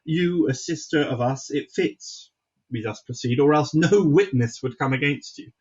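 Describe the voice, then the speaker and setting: A man playing a husky, grave king. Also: fairly high pitch, darkish tone, dull audio. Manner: halting, with fillers and restarts. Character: grave king, commanding yet sorrowful. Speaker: stage actor. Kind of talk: Shakespearean stage acting.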